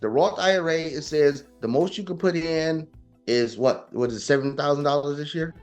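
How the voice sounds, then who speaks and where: A man's voice: a little high, moderate pace, faint music behind. A man talking casually and emphatically, lecturing with rhetorical questions. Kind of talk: casual opinion talk.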